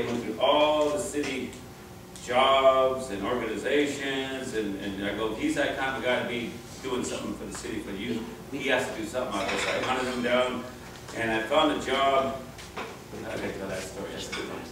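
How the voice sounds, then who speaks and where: Rambling man telling stories in an echoey room. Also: mid-range voice. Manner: rambling, chuckling anecdotes with many restarts. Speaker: reunion speaker. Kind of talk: casual storytelling speech to a crowd. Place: reunion gathering in a room. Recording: very echoey, distant, noisy room.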